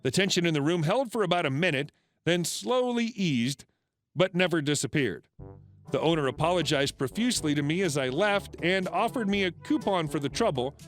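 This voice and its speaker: A man narrating internet stories in a wry, expressive scripted read. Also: on the high side, moderate pace. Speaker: story narrator. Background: faint music.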